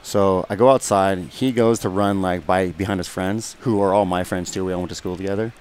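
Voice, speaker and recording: A man's voice: sits low, fairly even intonation, brisk, darkish tone, clean tone. A young man, a guest fighter, telling a rambling, profane story in casual chat and often asking "you know what I mean".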